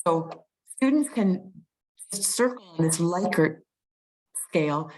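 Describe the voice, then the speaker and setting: A woman's voice: fairly low pitch, lively intonation, slow, darkish tone, poor audio. A woman presenting an online teaching webinar, explaining step by step with frequent ums and restarts, on a video call mic.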